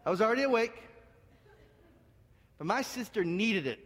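A man from Canada preaching as senior pastor, telling stories in an animated way, repeating words and swinging between hushed and loud. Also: high voice, moderate pace, long reverb tail. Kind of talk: sermon with storytelling. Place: church sanctuary.

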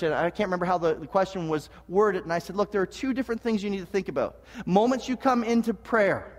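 This high-voiced pastor preaches quickly, with few pauses, in an earnest, animated sermon full of restarts and jokes. The recording carries the long reverb of a big church sanctuary.

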